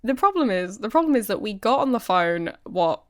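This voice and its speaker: A young woman co-hosting a podcast in casual chat, teasing and quick to laugh. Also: medium pitch, big pitch swings. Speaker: podcast co-host.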